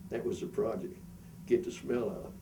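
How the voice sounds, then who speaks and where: Gravelly older man, mic far off. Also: fairly low pitch, normal speed. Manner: animated anecdote telling, chuckles. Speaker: interviewee, former school custodian. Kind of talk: storytelling interview. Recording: distant mic with background noise.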